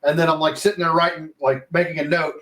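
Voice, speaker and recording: A man in his thirties co-hosting a casual podcast, telling a story in an animated way and acting out the quotes. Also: fairly high pitch, fast, far from the mic. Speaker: podcast co-host. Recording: echoey, a bit off-mic.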